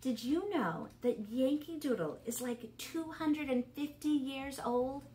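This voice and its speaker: Slow, lively-voiced woman music teacher. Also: high-pitched, slight background noise. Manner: bright, encouraging, speaks slowly and clearly to kids. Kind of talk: online music lesson for young children.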